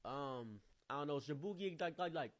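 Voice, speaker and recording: A man doing a loud, squeaky rowdy young guy. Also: moderate pace, lightly acted. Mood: boastful. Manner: loud, high and excitable.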